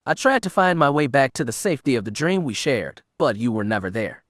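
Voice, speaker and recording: An earnest, gentle young man with a mid-range voice, as a male narrator voices him. His nervous manner comes through plainly. The sound is dry and close, with no room around it. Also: mid-range voice, very animated, brisk, no echo. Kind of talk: audiobook reading.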